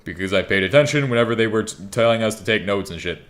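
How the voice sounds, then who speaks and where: Rambling young man, lowish voice, gaming chat. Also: fast talker, fairly bright tone. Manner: rambling, joking, swears freely. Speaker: gaming YouTuber. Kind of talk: casual gameplay commentary.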